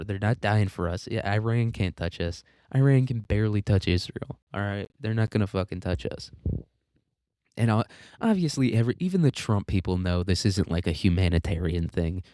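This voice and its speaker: A man's voice: low voice, a little mellow, clear, resonant tone, no room sound, clean studio sound. A man hosting a casual political commentary monologue, sarcastic, profane and rambling, and a little congested with frequent coughing. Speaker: podcast host.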